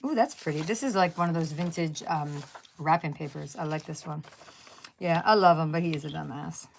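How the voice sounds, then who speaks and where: A woman's voice: deep voice, fairly quick, gravelly, slight background noise. A middle-aged woman hosting a craft livestream, chatting casually with viewers in a rambling way, with blunt, jokey asides and mild swearing. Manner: rambling, chatty, searches for words and restarts.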